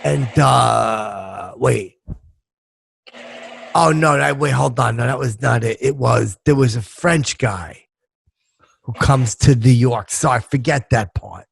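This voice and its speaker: A man's voice: medium pitch, takes it slowly. A middle-aged man hosting a comedy podcast, telling a long rambling joke in a crude manner and losing his place. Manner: gravelly, crude, loses track of jokes. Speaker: podcast host.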